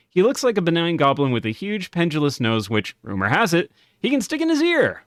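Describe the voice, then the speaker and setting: A man's voice: on the high side, huge pitch swings, fairly quick, few pauses, no echo, studio quality. A man giving casual gameplay commentary, chatty and often laughing, reading game text aloud as he plays. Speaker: game streamer.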